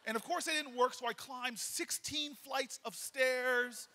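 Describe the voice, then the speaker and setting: A man giving a storytelling speech at a banquet, acting out the dialogue with lively energy. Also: extremely high pitch, a little slow. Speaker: political speaker. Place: large banquet hall. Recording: reverberant hall.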